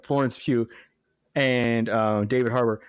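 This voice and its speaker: A man from Texas co-hosting a podcast in casual chat, who is emphatic, opinionated, and quick to laugh. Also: medium pitch, steady tone, clean tone, no echo, clean studio sound. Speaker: podcast co-host.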